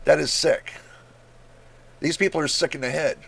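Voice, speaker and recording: A man's voice: fairly high pitch, unhurried, creaky, long pauses, fairly bright tone, breathy edge. A man in a casual, exasperated rant as a tech video host, blunt and incredulous, swearing freely. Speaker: tech YouTuber. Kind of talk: casual screen-share rant.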